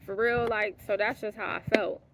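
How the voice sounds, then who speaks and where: A woman speaking at an ordinary middle pitch, talking straight to the camera in a candid, profane storytelling monologue. She drops into quiet, muttered asides, then rises into indignant, louder bursts. A faint hiss of background noise sits under her voice. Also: steady tone, normal speed, creaky. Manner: blunt and profane, swinging between hushed asides and heated outbursts; laughs mid-sentence. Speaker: vlogger.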